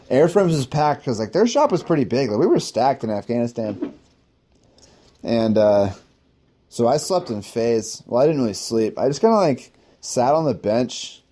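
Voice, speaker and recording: A man's voice: mid-range voice, warm tone. Rambling, profane man telling stories. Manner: rambling, profane, heavy use of "like"; laughs at himself mid-story. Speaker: podcast host telling war stories. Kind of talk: casual personal storytelling.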